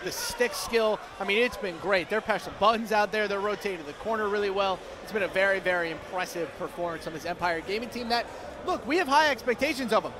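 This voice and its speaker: Male play-by-play caller, high voice, upbeat and stat-heavy, game noise clearly behind. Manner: upbeat, quick stat call-outs. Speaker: play-by-play commentator. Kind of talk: esports play-by-play commentary.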